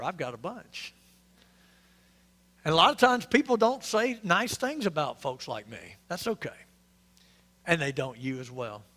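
Pastor guy, bright high voice, joking w the congregation, big echoey church. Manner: conversational, quizzing the congregation, joking asides. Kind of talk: interactive sermon. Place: church sanctuary.

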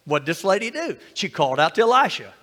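A man's voice: high-pitched, sing-song, quick pace, sharp tone, big-room sound. A man pastor preaching a sermon in a church, full of rhetorical questions and calls for amen.

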